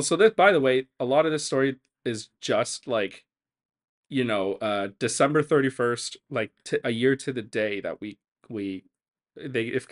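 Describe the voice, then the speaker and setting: A young man hosting his podcast, telling stories casually with a teasing, joking manner. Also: mid-range voice. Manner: joking, teasing, loose storytelling. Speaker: podcast host.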